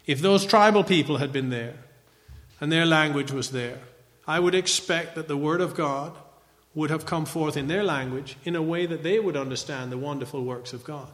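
A man's voice: on the high side, normal speed, fairly bright tone, long reverb tail. A man giving a conversational Bible teaching lecture, often checking in with a rhetorical "right?".

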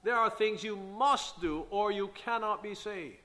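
Forceful preacher man in an echoing hall. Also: sits high, a little slow. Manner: emphatic preaching with King James scripture reading. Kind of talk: sermon. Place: church sanctuary. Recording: long church hall reverb.

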